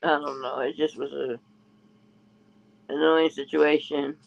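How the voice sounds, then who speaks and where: A man with a fairly high, gravelly voice tells a rambling gossip story, jumping his pitch up whenever he quotes someone else. The sound is muffled and lo-fi. He keeps restarting his sentences in a loose, casual way. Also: level tone, a little slow. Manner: rambling, restarts often, quotes others in a raised voice. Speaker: podcast co-host. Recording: muffled lo-fi audio.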